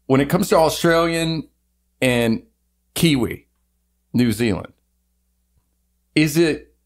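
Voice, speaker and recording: A man's voice: fairly high pitch, lively intonation, slow. Jokey rambling male podcast co-host. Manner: jokey, rambling, laughs a lot. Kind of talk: casual chat.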